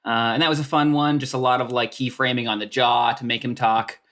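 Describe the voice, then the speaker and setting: A man chatting as a guest on a comedy podcast. He rambles through his thoughts, and his sentences are full of filler words and restarts. His voice sits at an ordinary middle pitch. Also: little pitch movement, fairly quick, a bit bright, slight background noise. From Canada. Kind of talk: casual podcast chat.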